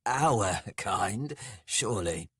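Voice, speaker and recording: A man's voice: on the low side, expressive, very slow, a bit bright, breathy edge, no echo, clean studio sound, exaggerated voice. A man voicing a hurt, cunning male dwarf who speaks coolly with feigned submission. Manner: cool, controlled, mock-submissive. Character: injured, cunning male dwarf hero, outwardly meek. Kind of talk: audiobook character voice.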